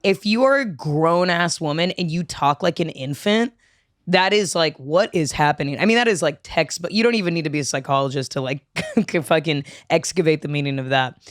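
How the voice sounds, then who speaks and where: A young woman chatting fast on a podcast, full of "like" fillers. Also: sits low, no echo, studio quality. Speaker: podcast host. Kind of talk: casual chat.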